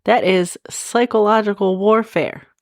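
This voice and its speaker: A woman's voice: mid-range voice, fairly even intonation, a little slow, dry recording, studio quality. A woman hosting a comedic true crime podcast in casual chat, often breaking into cackling laughter. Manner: giggly, keeps breaking into loud cackling laughter. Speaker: podcast host.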